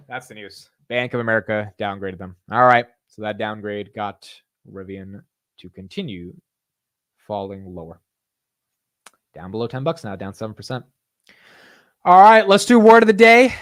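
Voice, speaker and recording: A young man hosting a live stock market stream in casual chat, excitable, laughing and swearing as his energy swings between calm and loud. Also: medium pitch, no room sound, studio quality. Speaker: stock market livestream host.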